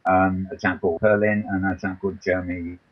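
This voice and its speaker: A man's voice: low-pitched, flat delivery, fairly quick, lo-fi sound. A man hosting a talk show, reading a news roundup and hesitating often with ums and restarts, over a voice call from his computer. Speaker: podcast host.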